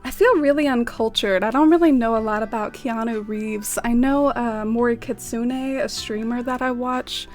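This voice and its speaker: A young woman live-streaming a game, talking casually and giggling with her chat. Her voice sits slightly high, her speech is sprinkled with "like", and faint music plays behind her. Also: normal speed, few pauses, darkish tone. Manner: bubbly, giggly, lots of "like".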